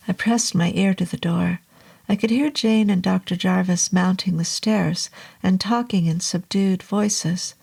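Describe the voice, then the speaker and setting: Husky woman reading a scary book real slow, gravelly low voice, whispery bits. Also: steady tone, a little mellow. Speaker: narrator. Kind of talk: audiobook horror narration.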